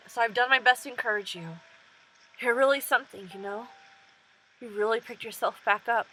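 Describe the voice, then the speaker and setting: A kindly older man in a story game who encourages the heroine, voiced by a woman reading along. The voice is bright and fairly high. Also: a little hiss or hum, low-quality recording.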